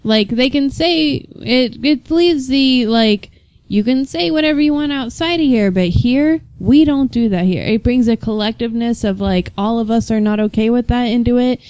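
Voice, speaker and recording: A young woman co-hosting a podcast, chatting casually and telling stories with easy laughs. Her voice is mellow and smooth, and the recording sounds close and dry. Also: on the high side, normal speed, no room sound. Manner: chatty, laughs often, storytelling. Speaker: podcast co-host. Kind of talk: casual chat.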